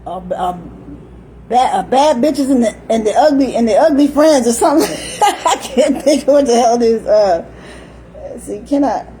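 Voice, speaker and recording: A woman's voice: a little high, lively intonation, moderate pace, mellow, poor audio. An older woman talking in a rambling, chatty monologue, often laughing and acting out little voices. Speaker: vlogger.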